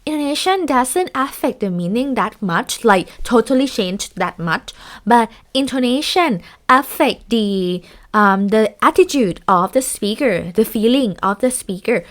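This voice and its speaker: A woman teaching a lecture, speaking in halting sentences with many fillers and restarts. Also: fairly high pitch, expressive.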